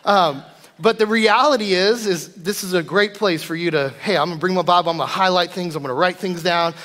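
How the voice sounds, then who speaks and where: A man in his thirties preaching a sermon, an animated storyteller who acts out his family's voices. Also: high voice, brisk. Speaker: guest preacher. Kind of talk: sermon with personal stories. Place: church sanctuary. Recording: long church hall reverb.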